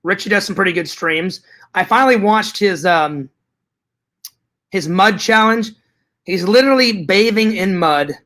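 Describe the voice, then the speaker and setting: A man's voice: high-pitched, measured pace, long pauses, pushed and bright. A man vlogging to his viewers in casual chat, hyper and rambling, with joking profanity.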